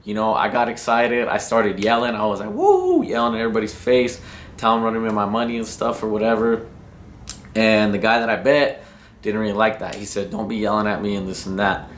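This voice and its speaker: A man's voice: lowish voice, flat delivery, fairly quick, a bit bright, a little hiss or hum. A man from New Mexico casually telling a story about drag racing, slangy and rambling and cursing freely. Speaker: racing vlogger.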